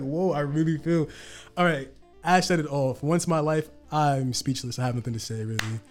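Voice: mid-range voice, a little fast, soft background music. Slangy hype podcast co-host. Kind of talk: casual podcast chat.

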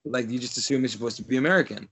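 A man co-hosting a podcast in casual chat, animated, swearing and filler-heavy. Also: mid-range voice, racing, slightly rough. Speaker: podcast co-host.

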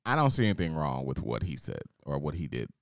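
Laid-back male co-host with a very low voice, gives his opinions bluntly, dry sound. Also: big pitch swings, quick pace, gravelly, dry recording. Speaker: podcast co-host. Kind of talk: casual chat.

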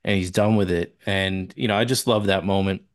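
Man, podcast co-host, lowish voice, relaxed, acts out quotes, dry sound. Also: a little fast, no echo. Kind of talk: casual movie review chat.

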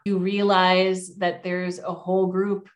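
A woman's voice: fairly low pitch, completely flat delivery, slow pace. A middle-aged woman giving public speaking advice as an interview guest, in an encouraging, emphatic coaching tone.

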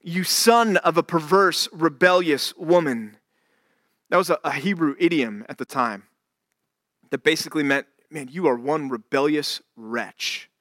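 A man's voice: a little high, unhurried, a bit bright, no echo, studio quality. A man as pastor, preaching a sermon in a conversational, joking way, acting out the scripture characters' lines. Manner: conversational, jokey retelling of scripture with voiced asides.

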